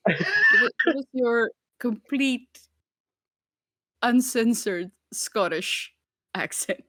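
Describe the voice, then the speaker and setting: A woman's voice: fairly high pitch, takes it slowly, fairly bright tone, no room sound. Playful woman, dry close sound. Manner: encouraging, playful teasing. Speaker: podcast co-host, tabletop game player. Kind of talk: casual chat.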